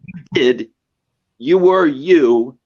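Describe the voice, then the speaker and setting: A man chatting casually on a livestream in a halting, effusive way. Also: fairly high pitch, a little mellow. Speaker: livestream guest. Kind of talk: casual chat. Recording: muffled lo-fi stream audio.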